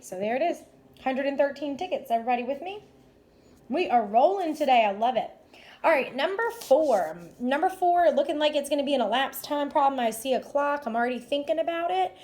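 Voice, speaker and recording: A woman teacher working through math problems aloud, step by step, in an upbeat, encouraging way. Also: high-pitched. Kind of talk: math lesson walkthrough.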